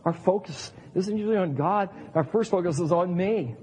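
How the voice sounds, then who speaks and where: A man's voice: high-pitched, normal speed, a little mellow, a little hiss or hum. A middle-aged man, a pastor, preaching an earnest sermon and acting out the voices of the people he quotes. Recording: long hall reverb.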